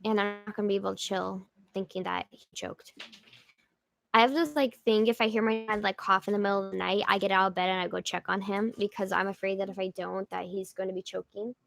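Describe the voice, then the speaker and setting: A woman's voice: medium pitch, steady tone, a little fast, gravelly, a bit bright, dry recording. A young woman hosting a casual livestream, chatting and rambling with jokey asides as she reads viewer comments. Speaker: livestream host.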